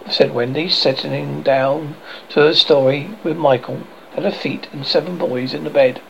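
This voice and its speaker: A man reading a classic children's novel aloud as an audiobook narrator, expressive and lively. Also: a little high, moderate pace, vocal fry, a little hiss or hum, poor audio. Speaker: audiobook reader.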